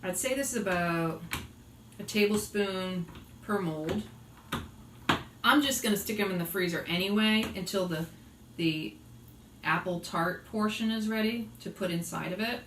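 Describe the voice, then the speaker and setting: A woman's voice: medium pitch, unhurried, pauses often, a bit bright, recorded from a distance. A woman with a slight Boston accent chatting casually to viewers while cooking at home, giggly and talkative. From Boston area. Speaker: vlogger and yoga teacher. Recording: roomy and off-mic with faint noise.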